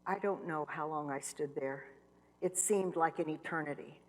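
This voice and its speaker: A middle-aged woman giving an earnest personal testimony, repeating phrases for emphasis and dropping to hushed tones. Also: low voice, normal speed. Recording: long reverb of a large hall.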